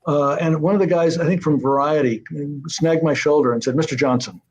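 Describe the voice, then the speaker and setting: An older man, a guest on an interview show, telling anecdotes in an animated way and acting out the voices of people he quotes. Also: on the high side, fairly quick. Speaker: guest, TV series creator. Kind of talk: anecdotal storytelling. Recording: muffled lo-fi audio.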